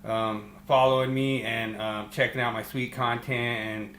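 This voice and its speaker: A male podcast host giving upbeat, thankful shout-outs in casual chat. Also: mid-range voice, level tone, unhurried, roomy sound, slight background noise.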